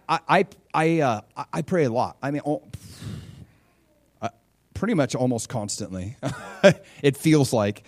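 A middle-aged male pastor preaching a sermon, lively and conversational, with frequent stammering restarts. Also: medium pitch, no room sound. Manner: animated, stammering restarts, acts out voices in stories.

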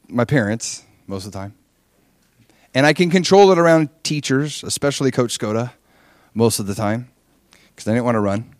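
In a studio-quality recording with no echo, a medium-voiced pastor in his forties delivers a sermon built around a lively personal story, reenacting the prayers and conversations he once had.

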